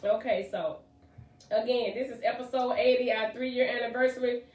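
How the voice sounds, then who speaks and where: A woman hosting a casual talk show, chatty and excitable with lots of fillers. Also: on the high side, moderate pace, recorded from a distance. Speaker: podcast host. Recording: echoey room, voice off-mic.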